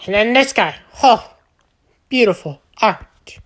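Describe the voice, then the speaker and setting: A woman's voice: fairly high pitch, lively intonation, measured pace, long pauses, a bit bright. A woman hosting a gaming channel, giving a silly, rambling recap of her game with lots of filler sounds. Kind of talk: playful game recap narration.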